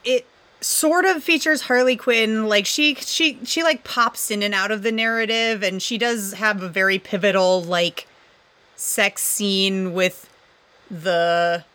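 A woman in casual conversation with a bright, forceful voice at a middle pitch. She rambles, trails off and restarts, laces her talk with sarcasm, and laughs often. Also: fairly even intonation, slow pace. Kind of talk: casual chat.

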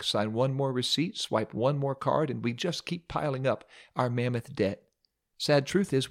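Male preacher, dramatic sermon storyteller with wry asides. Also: mid-range voice.

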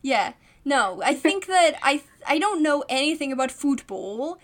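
A woman's voice: sits high, expressive, measured pace. A woman co-hosting a podcast in casual chat, rambling with many ums and frequent giggles. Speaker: podcast co-host.

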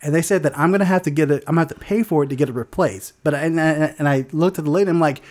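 A man's voice: fairly high pitch, racing, hardly any pauses, darkish tone. A man telling a story as co-host of a casual podcast, swearing freely, laughing often and acting out other people's voices.

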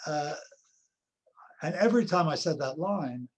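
A man's voice: on the high side, animated. Older man telling stage stories. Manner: anecdotal, unhurried storytelling. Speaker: actor guest. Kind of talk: reminiscing interview.

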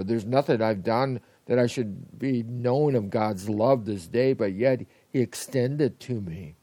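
Earnest gravelly-voiced man giving a devotional. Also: medium pitch, dark tone, no room sound. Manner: earnest, halting, with many restarts and prayerful quotes. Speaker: pastor. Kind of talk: devotional sermon.

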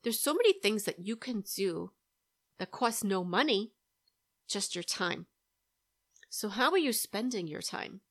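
A woman's voice: mid-range voice, sing-song, a little slow, long pauses, fairly bright tone. Coaching woman podcast host. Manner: coaching, keeps asking "right?". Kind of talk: solo podcast advice talk.

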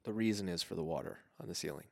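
A man on a podcast, joking around and firing off quick questions about a film. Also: deep voice, vocal fry, a little mellow, dry recording. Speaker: podcast co-host. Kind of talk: casual film discussion.

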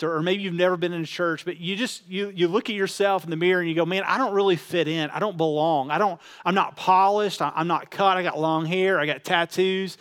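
A man preaching a sermon as pastor, telling stories in a relaxed way with many fillers. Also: high voice. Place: church auditorium.

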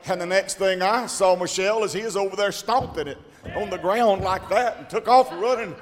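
High-voiced preacher in a reverberant hall. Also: male voice, a little fast. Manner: animated, swings into loud shouted quotes; repeats and restarts words. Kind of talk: storytelling sermon.

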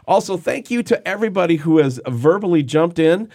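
A man's voice: fairly high pitch, expressive, a little fast, darkish tone, no room sound. A middle-aged man co-hosting a casual Christian talk show, jokey and rambling, teasing himself as he talks into a studio mic. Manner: jokey, rambling, self-deprecating. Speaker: podcast co-host. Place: podcast studio. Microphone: studio microphone.

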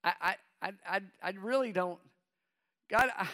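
A middle-aged pastor preaches a sermon to his congregation in a high-pitched, sharp voice at a moderate pace. He breaks in with call-and-response asides and imitates nervous believers.

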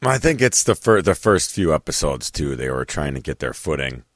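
A man co-hosting a casual TV recap podcast, laid-back and quick to laugh. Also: a bass voice, big pitch swings, a bit bright, no room sound, clean studio sound. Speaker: podcast co-host.

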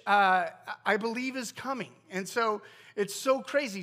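High-voiced earnest man preaching. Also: fairly bright tone. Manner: earnest, conversational, with many fillers and restarts. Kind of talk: informal sermon.

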